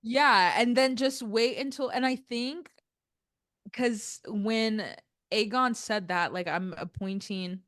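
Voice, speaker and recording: A woman's voice: on the high side, takes it slowly, fairly bright tone, no room sound, studio quality. A young woman co-hosting a casual gossip podcast, blunt and sassy, swearing freely. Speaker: podcast co-host.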